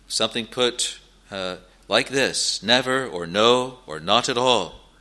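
A man preaching a sermon, earnest and pleading, stressing key phrases slowly and addressing his listeners directly. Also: on the low side, sharp tone.

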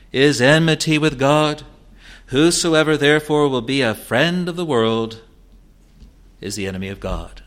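Man preaching with quiet, earnest emphasis. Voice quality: quotes scripture in old wording, repeats phrases for emphasis. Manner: swings between hushed, low passages and rising, insistent declarations. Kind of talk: expository sermon.

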